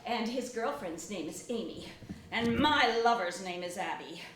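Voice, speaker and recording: A woman's voice: mid-range voice, lively intonation, a little slow, natural voice. A woman performing a comic stage monologue as a chatty, unbothered woman who lists her tangled relationships in a breezy, matter-of-fact way. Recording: very echoey stage with noise.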